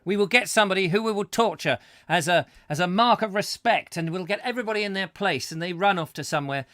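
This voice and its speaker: A man's voice: sits high, fast, a bit bright, no room sound, studio quality. A middle-aged man, hosting a comedy chat show and spinning whimsical, rambling tangents full of fillers. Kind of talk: comic rambling monologue.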